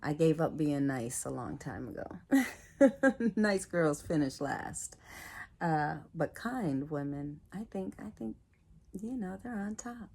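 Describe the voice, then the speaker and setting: A woman's voice: deep voice, big pitch swings, slow pace, gravelly, darkish tone, slightly rough. A woman talking casually and reflectively to her viewers, laughing often and acting out what other people said to her. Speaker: video host.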